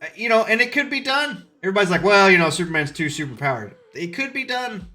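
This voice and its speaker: A man's voice: high-pitched, big pitch swings, very fast, bright, forceful tone. A man hosting a gaming podcast, ranting heatedly with constant profanity and repeated phrases. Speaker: podcast host. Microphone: podcast mic, live stream.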